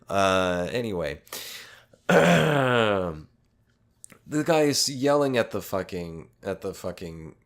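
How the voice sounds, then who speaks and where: Rambling, swearing man telling a story. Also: low voice. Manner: rambling, heavy swearing, self-aware asides. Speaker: podcast host. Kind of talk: casual profane storytelling.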